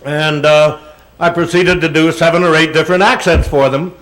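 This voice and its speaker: An older man giving an animated, anecdotal talk to an audience, slipping into voices as he goes. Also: on the high side, moderate pace, low-quality recording. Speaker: guest speaker. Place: auditorium presentation.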